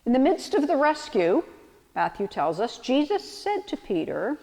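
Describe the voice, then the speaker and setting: A woman's voice: high-pitched, big pitch swings, normal speed, creaky, darkish tone, in a large hall. A woman pastor delivering a sermon, reflective and storytelling with vivid analogies.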